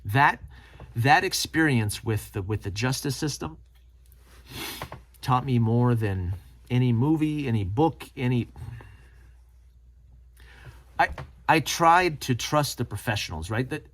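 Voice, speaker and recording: A man's voice: mid-range voice, normal speed. A middle-aged man hosting his own channel, telling a personal story to camera and acting out the people he quotes. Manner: animated, acts out quoted people. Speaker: channel host.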